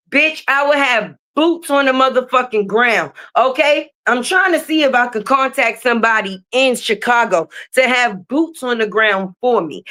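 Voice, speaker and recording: A young adult woman streamer, ranting on a livestream in a profane, confrontational, animated way. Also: on the high side. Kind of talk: livestream rant. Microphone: streaming mic.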